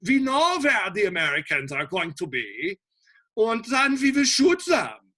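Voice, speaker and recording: A smug German officer speaks in a thick mock German accent, boasting and gloating. A man puts him on, high and bright, in an exaggerated, hammy way. It is comic classroom play-acting. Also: huge pitch swings, a little slow, full character voice.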